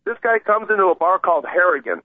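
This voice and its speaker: Excitable man on a phone line. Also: high-pitched, fast, no echo. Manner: rambling, excitable storyteller who acts out the people he quotes. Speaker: co-host. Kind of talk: casual sports talk, telling a story.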